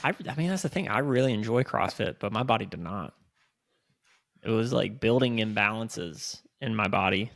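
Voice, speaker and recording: A man co-hosting a podcast, chatting casually and telling animated stories with some swearing. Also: fairly low pitch, normal speed, gravelly, dry recording, studio quality. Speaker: podcast co-host. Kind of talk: casual chat.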